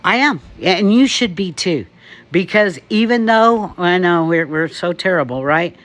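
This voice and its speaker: A man's voice: high voice, expressive, measured pace, a bit bright. A man from the United States ranting emphatically to camera, laughing often. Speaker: vlogger. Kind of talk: opinion rant to camera.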